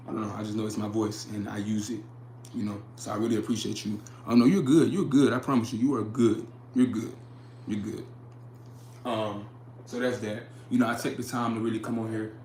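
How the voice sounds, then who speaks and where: A young man hosts a casual livestream, speaking earnestly in a low, level voice. He circles back, repeating phrases as he reads chat comments aloud. The sound is roomy with echo, over faint background noise. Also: a little mellow. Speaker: livestream host.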